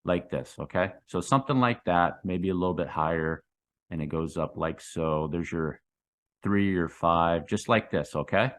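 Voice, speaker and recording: Middle-aged guy walking thru crypto charts, lowish voice, keeps saying okay? right?. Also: normal speed. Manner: loose and repetitive, tags lines with "okay?" and "right?"; restarts and repeats phrases while sketching on a chart. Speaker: crypto trading channel host. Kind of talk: casual explainer talk to viewers.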